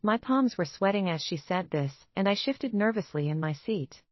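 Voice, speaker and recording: A woman narrating a dramatic romance story in the first person, steady and even. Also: mid-range voice, moderate pace, no room sound, dull audio.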